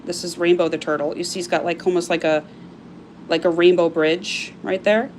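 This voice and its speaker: A woman's voice: lowish voice, steady tone, moderate pace, a little mellow, a little hiss or hum. A woman hosting a casual live-stream sale, chatty and gushing as she shows off items, with frequent fillers. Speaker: live-stream seller of crystal carvings.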